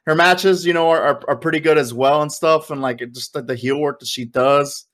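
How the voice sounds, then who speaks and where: A man co-hosting a podcast, chatting casually and rambling excitedly, with the odd curse. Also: a little high, fairly quick. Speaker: podcast co-host. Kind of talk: casual wrestling podcast chat.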